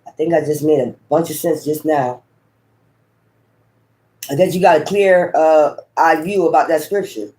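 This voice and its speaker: A man with a high voice gives a loose, profane spiritual reading. He speaks straight to his viewers with emphasis and keeps tossing in "right?" and "okay?" as he goes. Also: normal speed, long pauses, a little mellow. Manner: frequent rhetorical tag questions. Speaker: tarot reader.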